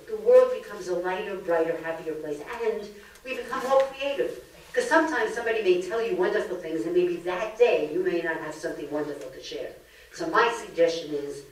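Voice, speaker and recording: An older woman giving a humorous public lecture, with a lively comic delivery and acted-out quotes. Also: fairly low pitch. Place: library lecture room. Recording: echoey hall from far off, faint noise.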